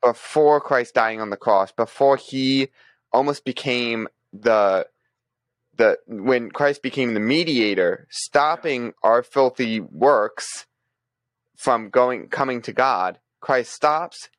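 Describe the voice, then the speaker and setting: A man's voice: mid-range voice, expressive, slow pace, no room sound. A man co-hosting a podcast, talking through news in a casual, thinking-aloud way with frequent restarts. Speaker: podcast co-host presenting news.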